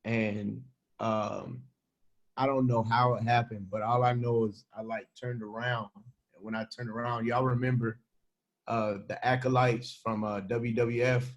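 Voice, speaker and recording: Male co-host, mid voice, relaxed storyteller. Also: medium pitch, measured pace, dull audio. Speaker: podcast co-host. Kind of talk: casual storytelling chat.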